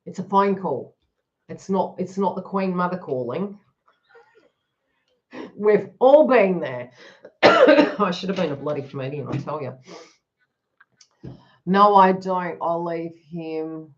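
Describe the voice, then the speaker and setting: A woman's voice: on the low side, animated, takes it slowly, pauses often, muffled recording. A woman giving a live card reading to her viewers, talking frankly and joking as she goes. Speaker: tarot reader.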